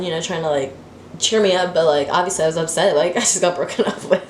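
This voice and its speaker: Young woman vlogger, lively storytime delivery, lowish voice, echoey room. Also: fast talker. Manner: animated, dramatic storytelling with constant fillers. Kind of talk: storytime vlog. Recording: roomy echo with faint hiss.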